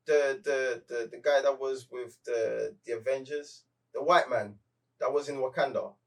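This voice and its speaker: A man reviewing a film in casual chat, slangy and halting, often repeating words. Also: mid-range voice, steady tone, far from the mic. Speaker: movie reviewer.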